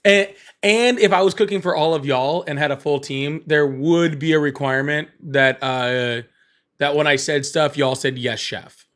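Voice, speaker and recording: A man's voice: fairly high pitch, fairly even intonation, normal speed, fairly bright tone. A man hosting a casual livestream, rambling, repeating himself and laughing often. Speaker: livestream host.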